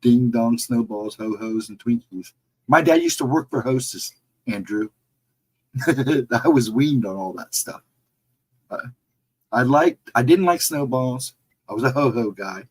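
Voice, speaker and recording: A middle-aged man talks to viewers on a casual livestream, reading the chat as it scrolls by and answering each one. His tone is relaxed and reassuring. His voice sits at an ordinary pitch with a husky edge. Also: a little slow, pauses often, poor audio. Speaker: livestream host.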